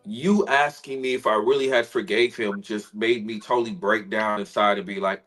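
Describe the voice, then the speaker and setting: A man's voice: on the low side, steady tone, fairly bright tone, faint music behind, poor audio. A man, a spoken word poet and guest, earnestly telling a heartfelt personal story on a video call. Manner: earnest, emotional, measured storytelling.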